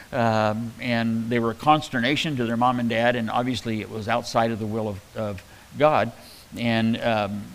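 A man preaching a conversational Bible-teaching sermon, talking in a halting way with many fillers and restarts. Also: mid-range voice, rough recording. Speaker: pastor.

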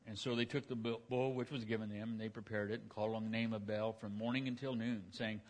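A man's voice: mid-range voice, flat delivery, fast talker, hardly any pauses. Folksy, conversational man preaching a sermon. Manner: folksy storytelling with frequent restarts. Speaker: pastor. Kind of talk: conversational sermon, retelling scripture.

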